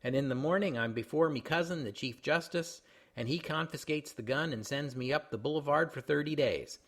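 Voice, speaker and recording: A man's voice: a little high, brisk. A man reading aloud a period humor column as a wry, mocking older Irish barkeep, in a plain voice without a brogue. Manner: read straight, without a brogue.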